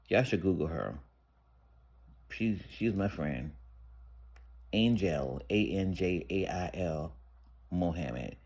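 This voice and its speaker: Man, deep voice, casual storytime vlogger, candid and conversational. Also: gravelly, darkish tone, husky. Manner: candid, conversational, rambling with restarts.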